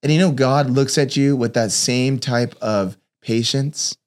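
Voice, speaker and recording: This father's personal devotional talk comes in a steady, medium-pitched voice at an unhurried pace. Earnest in his storytelling, he acts out what the people in his stories said in their own voices.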